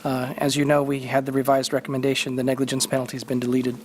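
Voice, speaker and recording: A man formally briefing a board on the issues in a tax appeal, in brisk technical language. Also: medium pitch, monotone, slight background noise. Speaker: staff presenter at a board hearing.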